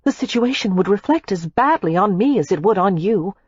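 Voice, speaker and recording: A woman's voice: mid-range voice, expressive, a little fast, darkish tone, husky, dry recording, dull audio, pitched above the performer's own voice. A woman narrator voicing a spirited young heiress who talks in a breathless, teasing way, in an audiobook. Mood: lively. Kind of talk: audiobook character reading.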